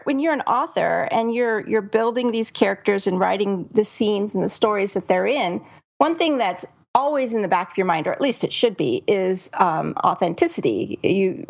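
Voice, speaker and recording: Woman host, casual chat, easy laughs, plenty of ums. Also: medium pitch. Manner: chatty, laughs easily, many fillers. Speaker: podcast host and thriller author.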